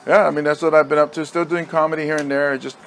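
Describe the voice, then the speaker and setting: A man's voice: fairly high pitch, level tone, fast, slight background noise. A middle-aged man from Hawaii co-hosting a podcast in casual chat, rambling and laughing as he tells coaching stories. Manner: rambling, laughing often, acts out loud exasperated coach lines. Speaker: podcast co-host, high school football coach.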